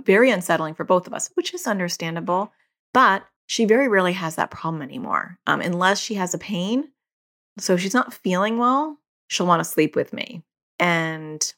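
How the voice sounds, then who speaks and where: This middle-aged woman hosts a solo parenting podcast in a lowish, fairly bright voice. She talks candidly and conversationally, now and then laughing at herself.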